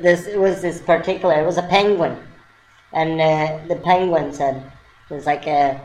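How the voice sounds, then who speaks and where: A woman telling a surreal, playful story in a halting, rambling way with many restarts. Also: deep voice, fairly even intonation, a little mellow, rough recording. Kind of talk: rambling spoken monologue.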